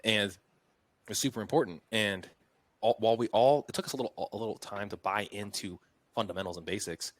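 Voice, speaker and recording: Low-voiced podcast host guy, rambly, lots of likes, dry sound. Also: brisk, no room sound. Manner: rambling, many fillers. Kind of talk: casual interview chat.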